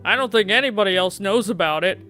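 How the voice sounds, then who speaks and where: A man doing a chipper middle-aged fishing dad, odd accent, bright higher voice, game voice. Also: normal speed, soft background music. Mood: upbeat. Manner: folksy and upbeat.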